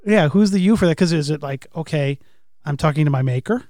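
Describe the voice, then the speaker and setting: A man's voice: a little high, fairly quick, a little mellow, dry recording, clean studio sound. A man co-hosting a podcast, casually speculating about song lyrics and asking questions. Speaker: podcast co-host. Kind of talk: casual analytical chat.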